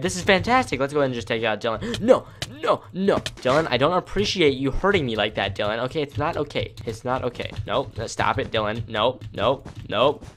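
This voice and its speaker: A young man hosting a gaming channel, chatting casually and excitably with viewers as he plays. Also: medium pitch, slight background noise. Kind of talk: casual gameplay commentary. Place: home room at night.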